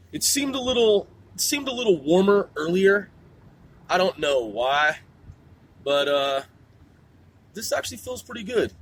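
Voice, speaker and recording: A man's voice: high-pitched, fairly bright tone. A man hosting his own show in a rambling, casual monologue, swearing constantly. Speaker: podcast host.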